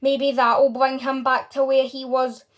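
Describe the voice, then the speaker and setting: A brisk, eccentric chocolate maker who cheerfully brushes off every worry, as a woman reads him aloud. The voice stays light and fairly high, with a storybook lilt. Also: level tone, highs cut off. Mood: breezy.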